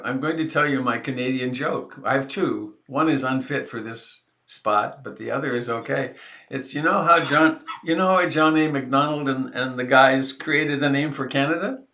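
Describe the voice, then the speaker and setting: A man hosting a meditation group over a video call, chatting casually in an unhurried, rambling and joking way. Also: mid-range voice, gravelly, sharp tone.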